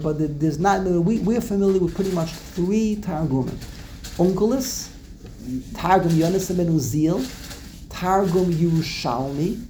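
Man, gravelly voice, slightly high, restarts sentences, faint background hiss. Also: warm tone. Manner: digressive, repeats words, restarts often. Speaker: Torah teacher. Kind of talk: casual Torah class.

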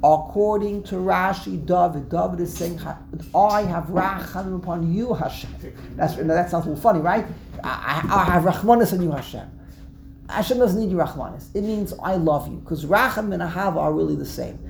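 A woman's voice: fairly low pitch, a little fast, vocal fry, darkish tone, a little hiss or hum. A woman teaching a Torah text class, explaining word by word, repeating herself and acting out the verses she quotes.

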